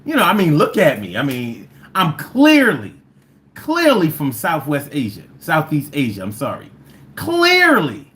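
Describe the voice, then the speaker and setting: Riffing on viewer comments during a casual livestream, a man from Philadelphia, USA, talks at a moderate pace in his Philly accent. His slightly high, a-bit-bright voice swoops wildly in pitch as he plays around and breaks into sing-song chants, sometimes singing.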